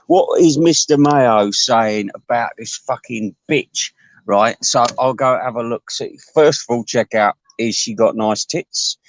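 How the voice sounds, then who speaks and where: A man's voice: medium pitch, no echo. Crude, rambling man ranting. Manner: crude, rambling, full of restarts and asides. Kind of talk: rambling comic rant to camera.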